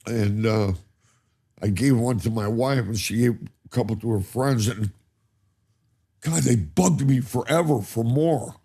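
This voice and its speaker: A man's voice: medium pitch, measured pace, warm tone, slightly rough. An older man, a guest in a casual chat, telling stories animatedly and laughing often. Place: cannabis company campus studio.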